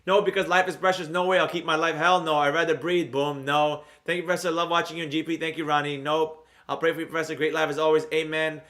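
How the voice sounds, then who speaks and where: Bright, energetic trading streamer man. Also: fairly high pitch, quick pace, few pauses. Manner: rambling, energetic, talks straight to viewers. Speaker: trading educator hosting a live stream. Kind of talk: casual live-stream chat reading comments.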